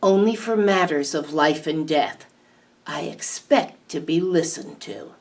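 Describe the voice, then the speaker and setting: A woman voicing an ancient towering tree monster with a booming, declaiming voice, recorded from a distant mic. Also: unhurried, darkish tone. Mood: commanding. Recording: distant mic, faint background hiss.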